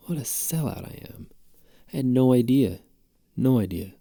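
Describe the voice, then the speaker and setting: A man with a gravelly, mellow voice rambles through a casual story as a podcast host. He jokes and swears freely. The sound is dry and close. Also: medium pitch, lively intonation, moderate pace, no room sound. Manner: rambling, profane and jokey.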